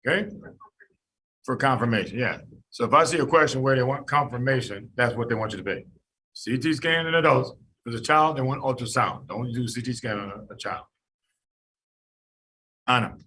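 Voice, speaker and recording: A man lecturing a class on medicine, animated and jokey, quizzing students by name. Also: mid-range voice, moderate pace, pauses often, a little hiss or hum. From United States.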